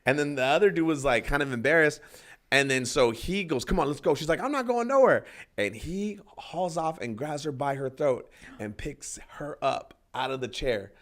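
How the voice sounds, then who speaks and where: A male comedian telling a story in casual podcast chat, acting out the people in it and swearing freely. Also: moderate pace. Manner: animated, acts out quotes with rising pitch and swearing.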